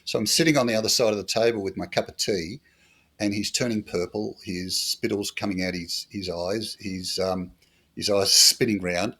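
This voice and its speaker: A middle-aged Australian man with a low, deep voice tells stories from his years as a bush police officer. He is dry and humorous and says a lot of "uh" and "um" in an unhurried interview. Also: a bit bright, breathy edge. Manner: dry humorous anecdotes with fillers. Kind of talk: storytelling interview.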